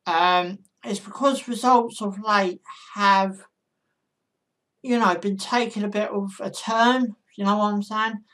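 A woman's voice: mid-range voice, steady tone, slow, fairly bright tone. Chatty woman giving football predictions. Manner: chatty, speaks straight to viewers. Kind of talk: casual predictions monologue.

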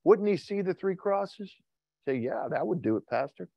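A man preaching a Wednesday night sermon who acts out voices and shouts for effect. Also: sits high, animated, moderate pace, gravelly, dry recording, highs cut off. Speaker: pastor.

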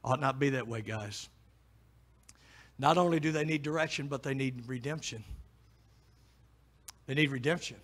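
A middle-aged man preaching with a high, bright voice. He moves from hushed pleading to loud, emphatic exhortation. His delivery is a pastor's full sermon address.

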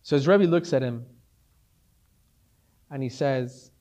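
A man teaching as a rabbi, telling a story in a conversational, animated way. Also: mid-range voice, takes it slowly, long pauses. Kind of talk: Torah class storytelling.

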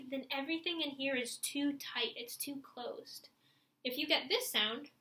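During a clarinet lesson on video, a woman with a high voice encourages her students and guides them step by step through stretches and breathing. Her breaths and sighs are audible as she demonstrates. The sound is roomy, with a noisy background.

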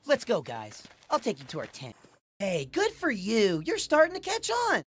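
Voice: mid-range voice, wildly swooping pitch, moderate pace, slightly rough. An actor playing a mischievous prankster who talks in a teasing, sarcastic way.

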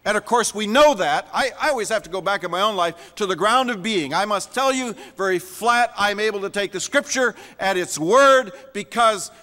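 A man's voice: high voice, moderate pace, few pauses, bright, forceful tone, in a large hall. A man preaching a sermon as a pastor, emphatic and repeating words for stress.

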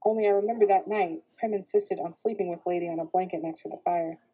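A woman's voice: lowish voice, steady tone, quick pace, warm tone, breathy edge, low-quality recording. A woman reading the lines of a guarded teenage girl who answers brusquely and defensively.

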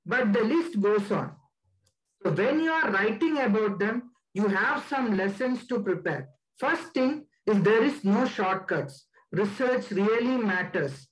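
A man giving a slide presentation as a guest speaker, deliberate and stressing key words. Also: sits high, expressive, rough recording.

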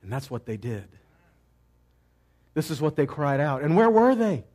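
A man with a high voice preaches a teaching sermon and often asks his listeners questions before answering them himself. He moves between loud cries and quiet asides. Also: very animated, moderate pace. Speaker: messianic teacher.

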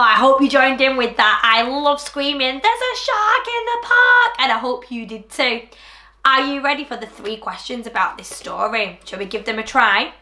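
A woman reading a rhyming picture book aloud to children in an animated, sing-song way, then talking to them directly. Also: a little high, reverberant. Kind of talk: storybook read-aloud for children.

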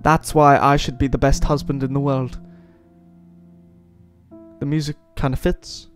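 A man's voice: mid-range voice, level tone, unhurried, faint music behind. A young man hosting a let's-play, giving sarcastic, rambling commentary and swearing freely. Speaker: gaming channel host.

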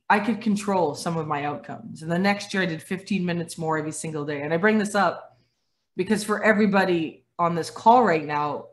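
A woman in her forties from Dominica who grew up in Canada, talking as a guest on a video call and acting out the voices in her stories. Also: fairly low pitch. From Dominica, raised in Canada. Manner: animated storyteller, acts out quoted voices, laughs often. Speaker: guest speaker, former athlete.

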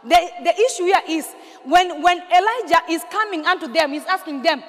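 A woman pastor, preaching a sermon with call-and-response questions and sudden shouted bursts. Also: very high voice, animated, measured pace, big-room sound. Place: large church hall.

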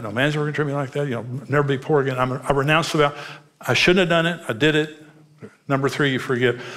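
A man's voice: mid-range voice, a bit bright. A man preaching as a pastor, telling personal stories in an earnest, direct way.

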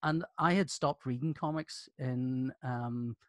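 Here a fifties-aged comics artist from Northern Ireland, guesting on a podcast, tells animated, jokey stories and keeps laughing mid-chat. He speaks slowly in a mid-range voice, recorded cleanly in a studio without echo.

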